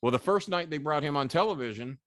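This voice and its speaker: A man's voice: on the high side, fast, no room sound. 60-something guy, ex wrestling manager, cussing thru his old stories, dry close mic. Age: 60s. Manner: profane, animated anecdotes with laughs. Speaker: guest, former wrestling manager. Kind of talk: storytelling interview.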